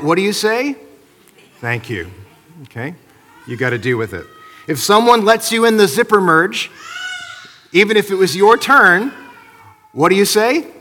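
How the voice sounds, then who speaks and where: A man's voice: on the high side, fairly bright tone, big-room sound. A man preaching a sermon as pastor, conversational, asking the congregation questions. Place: church sanctuary.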